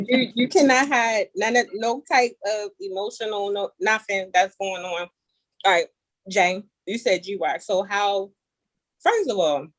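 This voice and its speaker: A woman's voice: medium pitch, dry recording. Playful woman hosting a casual chat. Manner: animated, playful, reads definitions aloud. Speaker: show host.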